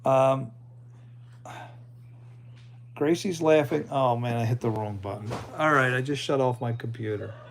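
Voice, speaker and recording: Gravelly male livestream host. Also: mid-range voice, unhurried, long pauses, a little hiss or hum. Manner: chatty, talks to viewers and the AI. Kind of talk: casual livestream chat.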